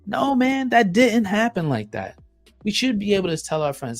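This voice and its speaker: A man's voice: sits high, very animated, normal speed, faint music behind. A man hosting a solo podcast, blunt and emphatic, swearing often and repeating himself for effect. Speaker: podcast host.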